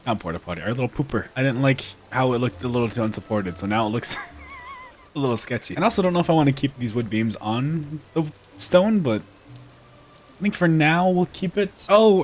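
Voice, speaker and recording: A man's voice: medium pitch, darkish tone. A man giving casual commentary while building in a video game, rambling playfully and laughing at himself. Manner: playful, giggly, self-mocking rambling. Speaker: gameplay video creator.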